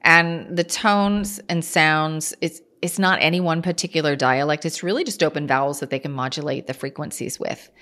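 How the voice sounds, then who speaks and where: A woman's voice: sits low, fairly even intonation, normal speed, few pauses, fairly bright tone. A woman, from Kansas. She is a guest on an interview and explains her ideas earnestly, with small restarts as she talks. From Kansas, USA. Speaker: guest, channeler. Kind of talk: casual interview talk.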